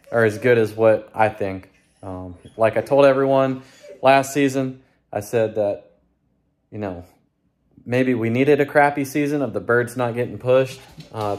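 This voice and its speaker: A young man talking casually to his viewers in a relaxed, rambling way with lots of fillers. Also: lowish voice. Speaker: hunting vlogger. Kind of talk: casual vlog talk.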